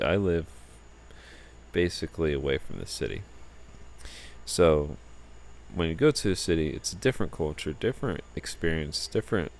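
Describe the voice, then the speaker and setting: A tired young man rambling casually about his trip in a relaxed vlog. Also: very deep voice, gravelly. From United States. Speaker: vlogger.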